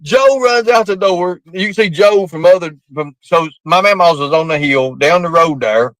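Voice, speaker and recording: A man's voice: high voice, normal speed, fairly bright tone, no room sound, low-quality recording. A man telling a rambling story casually, laughing often and cursing freely. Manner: rambling, laughing through the tale, coarse language.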